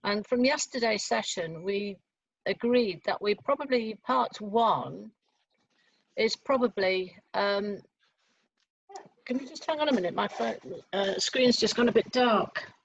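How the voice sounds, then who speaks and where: Speaking a bit slowly, a woman with a mid-range, fry-tinged voice runs a choir rehearsal over video, breaking everything into steps and using plenty of filler words. The call audio comes through dull and low-fidelity.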